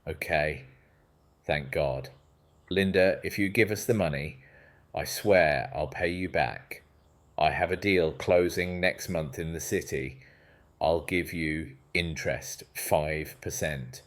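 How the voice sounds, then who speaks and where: A man's voice: a bass voice, slow pace, exaggerated voice. A man doing a desperate proud brother. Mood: pleading. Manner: pleading, tight, bargaining.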